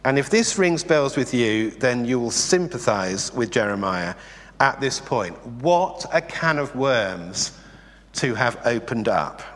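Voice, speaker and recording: A man preaching a sermon in a conversational, animated way, asking the congregation rhetorical questions. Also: medium pitch. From England. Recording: long reverb in a hall.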